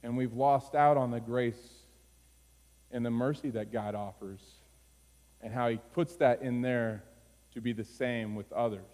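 A man preaching a sermon, moving from low, quiet phrases to high, urgent pleading. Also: steady tone, unhurried. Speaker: pastor. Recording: long hall reverb.

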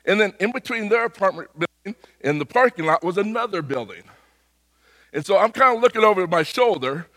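A middle-aged man preaching a sermon, with a slightly hoarse voice and a conversational, animated way of telling stories. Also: high voice, a little fast, big-room sound. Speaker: pastor. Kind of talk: sermon with personal story.

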